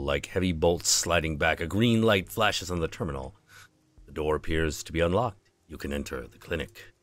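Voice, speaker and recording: Deep-voiced man narrating a game. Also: a bit bright, no room sound. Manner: casual narration with asides. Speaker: streamer. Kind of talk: reading game text aloud while playing.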